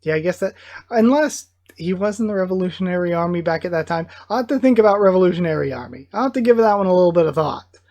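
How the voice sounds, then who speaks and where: A channel host reacting live to a comic chapter, reading parts aloud with excited outbursts. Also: medium pitch, fast talker, gravelly. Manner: excitable, bursts of enthusiasm between plain read-aloud passages.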